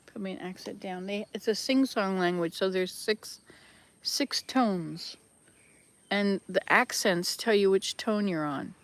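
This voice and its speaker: A woman's voice: medium pitch, unhurried. Chatty older woman vlogging outdoors. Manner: chatty, rambling, self-correcting. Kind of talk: casual travel vlog. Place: outdoors at a rural hut. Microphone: handheld camera.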